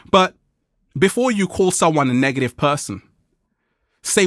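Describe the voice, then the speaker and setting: A man's voice: measured pace, pauses often, no echo, studio quality. A man hosting a motivational vlog, speaking playfully and animatedly to his viewers with frequent laughs. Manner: playful and animated, laughing, acting out quoted people in a high voice. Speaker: vlog host.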